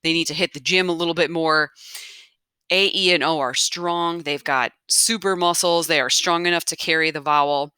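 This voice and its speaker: A woman's voice: sits low, fairly even intonation, normal speed, pushed and bright, clear, resonant tone, dry recording, studio quality. A woman teaching a recorded grammar lesson, patient, restating each rule and checking in with "okay?". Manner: patient, repeats key points, checks in with "okay?". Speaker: Spanish teacher.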